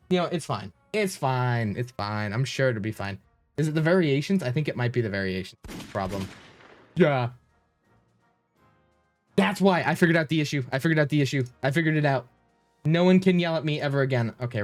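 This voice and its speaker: Man, streamer, live-stream chatter, flustered, rambling, mid pitch, faint background music. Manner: flustered, rambling while fiddling with settings.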